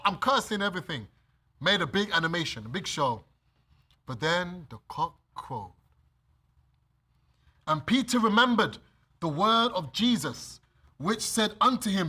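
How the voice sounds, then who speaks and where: British male preacher, high husky voice, lively storytelling sermon. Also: normal speed. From Britain. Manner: animated, acts out scenes, laughs often. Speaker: preacher leading bible study. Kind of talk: sermon with scripture reading.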